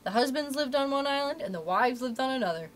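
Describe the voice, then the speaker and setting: A woman's voice: high voice, expressive, quick pace, a little hiss or hum, pitched above the performer's own voice. A woman reading aloud, voicing a chatty, folksy male cat's-meat seller who talks in a rustic way. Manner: folksy rustic talk, dropped letters. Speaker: library story reader.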